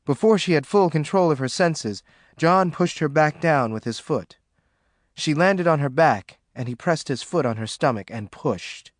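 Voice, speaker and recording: A man giving steady, dramatic audiobook narration. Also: on the high side, unhurried, no room sound, clean studio sound.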